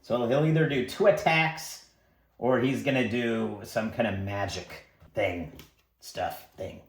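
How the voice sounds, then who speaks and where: A man's voice: medium pitch, slow. Chatty man narrating a solo tabletop game. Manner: rambling, chatty, excitable at dice rolls. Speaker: game master. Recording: echoey room.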